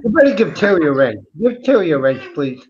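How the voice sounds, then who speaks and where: A man's voice: a little high, sing-song, a little fast, darkish tone. An older man and chat room moderator, a chatty storyteller who laughs easily in casual voice chat. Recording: dull lo-fi audio with faint noise.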